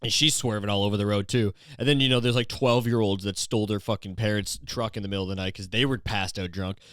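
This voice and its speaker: A young man from Canada hosting a podcast, rambling through a crude comedic monologue full of filler phrases and deadpan dark jokes. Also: on the low side, fast talker, dry recording, studio quality. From Ontario, Canada. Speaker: podcast host.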